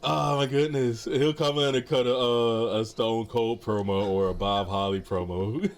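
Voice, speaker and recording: A man's voice: medium pitch, fairly even intonation, measured pace. A man co-hosting a wrestling podcast in casual chat, laughing often and padding with fillers. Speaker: podcast co-host.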